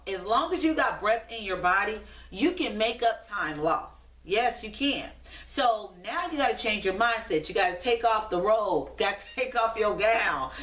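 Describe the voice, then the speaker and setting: In a mid-range, somewhat bright voice, the host of a motivational program exhorts her audience with preachy, rhythmic repetition. The sound is roomy and echoing, as though she stands far from the microphone.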